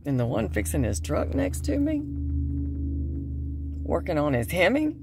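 A woman's voice: on the low side, huge pitch swings, unhurried, vocal fry, pauses often, background noise. A woman chatting and joking to viewers in a casual vlog, filmed on a phone in and around her car. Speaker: vlogger. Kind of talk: casual chat to camera. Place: in and around a car, going into a store.

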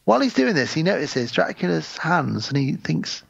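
A man's voice: fairly high pitch, moderate pace, creaky, slightly rough, no echo. A man co-hosting a podcast, chatting about films casually and acting out scenes in voices. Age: adult with wife and in-laws. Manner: animated, acts out scenes in voices, laughs often. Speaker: podcast co-host. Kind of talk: casual film review chat. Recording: dull, dry lo-fi sound.

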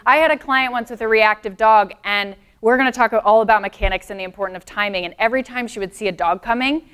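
Smooth-voiced woman teaching a dog seminar. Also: on the high side, fast, fairly bright tone. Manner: friendly, explanatory, answers audience comments. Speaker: dog trainer. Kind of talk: presenting a live seminar.

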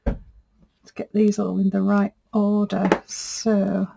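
Woman, middle-aged, casual, chatty, gushing, mid-range pitch. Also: completely flat delivery, slow, creaky, background noise. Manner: chatty, gushing and easily moved. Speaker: textile artist. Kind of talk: casual unboxing chat.

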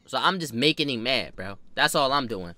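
A man telling a story casually, animated and full of slang, swearing and repeating lines for emphasis. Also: mid-range voice, normal speed, no room sound.

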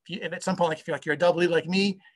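A man in his fifties, an audio software engineer, chatting casually in an interview and rambling enthusiastically as he interrupts himself. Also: on the high side, steady tone, rapid-fire.

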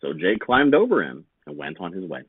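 A man, a teacher, reading a children's picture book aloud with slow, very expressive storytelling. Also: low voice, breathy edge. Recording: tinny phone-like sound, dry.

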